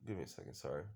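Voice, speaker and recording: A man's voice: very deep voice, creaky, very noisy. A man casually recapping a show episode, rambling with lots of fillers and the odd swear word. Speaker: show reviewer.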